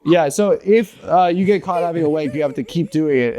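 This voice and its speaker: Brief: American man, sports pod co-host, loose profane banter, slightly high voice. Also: brisk, dark tone. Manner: rambling, profane, jokey. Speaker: podcast co-host. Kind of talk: casual sports chat.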